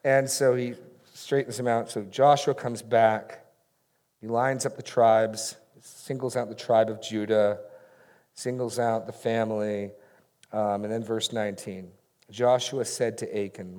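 A man's voice: medium pitch, normal speed, darkish tone. A middle-aged man, a pastor, preaching in a conversational way and acting out bits of dialogue. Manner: conversational, self-deprecating, acts out dialogue. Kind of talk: sermon with audience Q&A.

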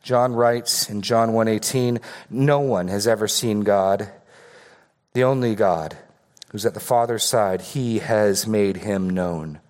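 A man's voice: fairly low pitch, slow. A man preaching an expository sermon as pastor, earnest and given to repeating words for emphasis.

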